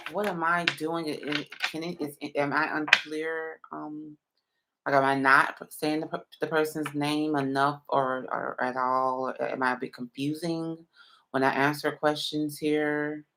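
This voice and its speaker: A woman's voice: sits low, little pitch movement, a little slow, fairly bright tone, a little hiss or hum. A woman reading tarot on a late-night live stream. She is sleepy and yawning, and she rambles through many fillers while she answers viewers one by one.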